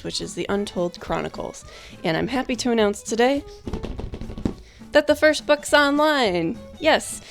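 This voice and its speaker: A woman's voice: medium pitch, creaky. A young woman in casual chat, announcing her book in an upbeat, chatty way that pokes fun at herself. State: out of breath at first. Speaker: vlogger and author.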